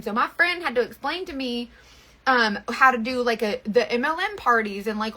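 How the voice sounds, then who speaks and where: Chatty bright-voiced woman. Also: on the high side, animated, fast talker. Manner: chatty, rambling, lots of fillers and restarts. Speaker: makeup seller and vlogger. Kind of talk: casual storytelling chat.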